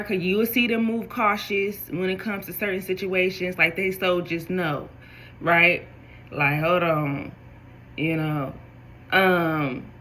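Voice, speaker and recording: Bright-voiced woman giving a tarot reading. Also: on the low side, rough recording. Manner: animated, talks straight to viewers. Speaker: tarot reader. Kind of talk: spiritual tarot reading to viewers.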